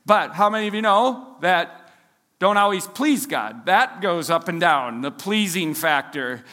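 A man's voice: high-pitched, animated, a little slow, bright, forceful tone, big-room sound. A Minnesotan man preaching a sermon as pastor in a casual, chatty way, full of fillers and self-deprecating asides. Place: church service hall.

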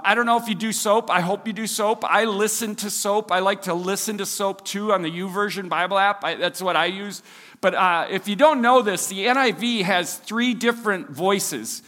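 A man's voice: high-pitched, pushed and bright, in a large hall. A Minnesotan man preaching a sermon as pastor in a casual, chatty way, full of fillers and self-deprecating asides. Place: church service hall.

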